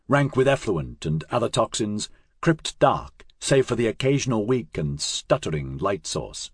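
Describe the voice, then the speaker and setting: A man reading a science-fiction audiobook in a measured, dramatic narration. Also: medium pitch, breathy edge, no echo, studio quality.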